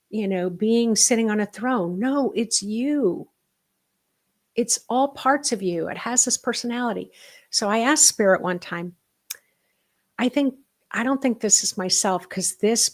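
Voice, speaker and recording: A middle-aged woman leads a spiritual workshop over a live stream, her voice sitting at an ordinary middle pitch. She teaches in an animated, emphatic way, rushing through some phrases and stretching others into soft, hushed asides.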